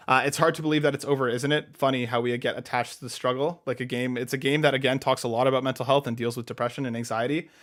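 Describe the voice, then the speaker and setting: A man's voice: mid-range voice, a bit bright. A man co-hosting a casual podcast in an upbeat way, reading listener questions aloud and answering them. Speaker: podcast co-host.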